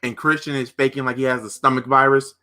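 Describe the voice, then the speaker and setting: A man hosting a live watch-party stream, reacting with excited, rambling commentary that often breaks off mid-sentence. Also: medium pitch, quick pace. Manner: restarts and trails off mid-sentence.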